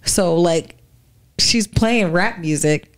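A young woman co-hosting a casual podcast, with a voice a little lower than most women's. She tells long stories in easy, unhurried chat and laughs often along the way. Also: clean tone. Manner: chatty storyteller, laughs often. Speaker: podcast co-host.

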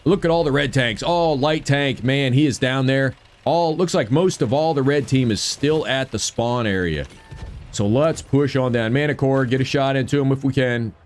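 A man's voice: medium pitch, normal speed. Upbeat man doing game commentary. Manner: upbeat, cheers on his own shots. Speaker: gaming video creator. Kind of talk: gameplay commentary.

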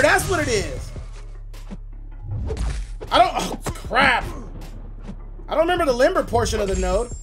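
A man streaming a mobile game live, excitably commenting, shouting and laughing at his opponent in slangy, playful talk. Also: very high voice, unhurried, long pauses, soft background music.

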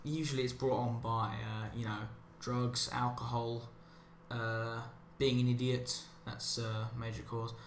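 A man's voice: medium pitch, flat delivery, a little slow, a little hiss or hum. A man giving a rambling, sarcastic monologue as commentary over gameplay, drifting onto tangents. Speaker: commentary channel host. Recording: roomy echo with faint ambience.

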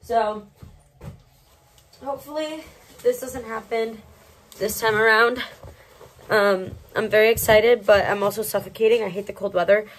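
A woman's voice: on the high side, steady tone, measured pace, long pauses, a little hiss or hum. Chatty young woman shivering in the cold. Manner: chatty, self-mocking, dramatic complaints. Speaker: travel vlogger. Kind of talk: casual vlog chat. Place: outdoors in cold weather.

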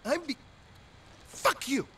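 An actor playing the hero's jumpy, paranoid cousin in a game, talking frantically and whining. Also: male voice, extremely high pitch, animated, slow pace, pushed and bright, exaggerated voice. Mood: frantic. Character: jumpy, paranoid cousin, young-ish man. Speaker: cousin of the hero.

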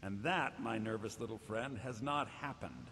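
A man voicing a sardonic dark elf mage in a video game, dry, sarcastic and pointed. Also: on the low side, moderate pace, big-room sound, a little hiss or hum, close to an everyday voice.

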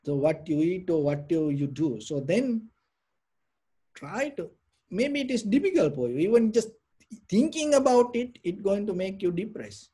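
Soft, husky-voiced man teaching meditation. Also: high-pitched. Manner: rambling, many restarts and "you know" fillers. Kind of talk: informal dharma talk.

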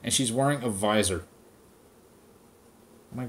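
A man's voice: mid-range voice, normal speed. A man hosting a podcast, ranting casually with heavy swearing and mocking impressions of people. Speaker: podcast host. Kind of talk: casual profane rant.

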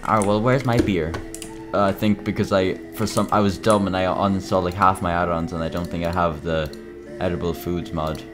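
A young man with a very low voice, mumbling through casual gameplay commentary. He stops and restarts often and talks quietly to himself, with loud game music behind him. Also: fairly even intonation. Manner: mumbly, halting, lots of fillers. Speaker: gaming video creator.

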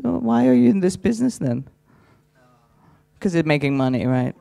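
Higher-voiced man roasting a live crowd. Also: big pitch swings, moderate pace, vocal fry, dark tone, dry recording. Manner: crude, teasing, chatty banter with audience. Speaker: stand-up comedian. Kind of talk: stand-up roast with crowd work. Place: live conference stage.

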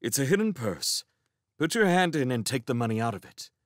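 A man voicing an urgent, commanding young male merchant in chains, in a storybook reading, speaking in brisk instructions. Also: medium pitch, big pitch swings, no echo, clean studio sound, voice pushed up, natural voice. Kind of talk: storybook character voice.

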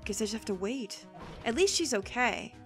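A woman hosting a let's play, reacting with excited exclamations and frequent laughter while reading the game aloud. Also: fairly high pitch, normal speed. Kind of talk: video game commentary. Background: faint game music.

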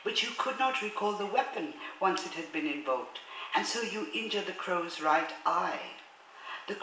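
A woman giving a public lecture, reading passages aloud in a measured, formal way and speaking hesitantly, with many fillers, between them. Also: on the low side, sharp tone, a little hiss or hum. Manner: measured, formal read-aloud delivery of translated text. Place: lecture hall. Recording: roomy hall echo, faint ambience.

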